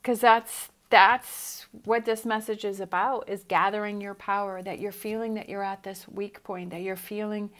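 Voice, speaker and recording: A woman's voice: mid-range voice, steady tone, normal speed, few pauses. A middle-aged woman giving a motivational tarot reading, earnest and encouraging, repeating her reassurances. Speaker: tarot reader.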